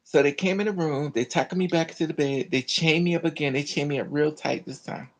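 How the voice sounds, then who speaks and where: A woman recounting a personal story in an animated, dramatic way, full of colloquial slang. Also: deep voice, a little fast, slight background noise, rough recording. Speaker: storyteller vlogger.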